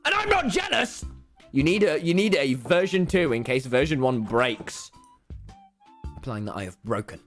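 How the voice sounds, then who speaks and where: A young man streaming a game live, loud and excitable, shouting and swearing often. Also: mid-range voice, moderate pace, soft background music. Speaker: gaming streamer. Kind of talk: live gameplay commentary.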